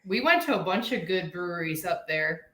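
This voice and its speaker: A woman who is a guest in a casual chat, telling travel stories in an animated, laughing way. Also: lowish voice, a little fast. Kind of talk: casual storytelling. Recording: echoey room with faint noise.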